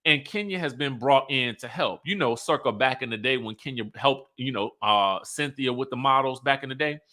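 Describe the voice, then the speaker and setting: A man's voice: medium pitch, normal speed, bright, forceful tone. A man recapping a reality show in a sassy, chatty way, full of asides and laughing at his own remarks. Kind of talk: casual show recap commentary.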